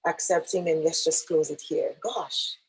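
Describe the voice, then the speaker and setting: A woman's voice: low-pitched, a little slow, husky, rough recording. A woman podcast host chatting casually with a guest, reacting in an effusive, emotional way. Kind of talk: casual interview chat.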